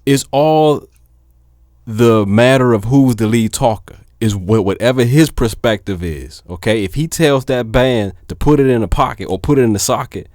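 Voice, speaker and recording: A man, a DJ talking casually to his viewers, filling pauses with "um", then turning animated and emphatic. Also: medium pitch, no room sound, clean studio sound. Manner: laid-back with many fillers, then animated and emphatic. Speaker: DJ and vlogger. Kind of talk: casual talk to camera.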